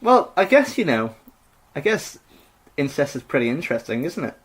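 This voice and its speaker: Retelling a myth for a podcast, this co-host rambles and jokes with plenty of fillers. His slightly rough, a little high voice moves at a moderate pace with big pitch swings.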